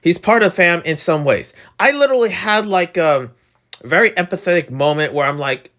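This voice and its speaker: An excitable young man reviews a video game in a loose, rambling way. His voice sits a little high for a man, and he talks full of fillers and quick jumps in pitch.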